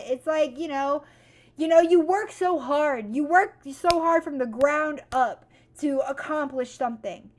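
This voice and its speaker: In a motivational vlog, a young woman with a high voice talks straight to the camera and her viewers. She's blunt and profane, shifting between calm advice and loud, heated venting.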